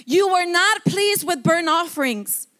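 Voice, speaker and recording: A woman's voice: very high voice, expressive, unhurried, bright, forceful tone. A woman pastor delivering a fervent sermon at a church service, reading scripture aloud and breaking in with words of praise.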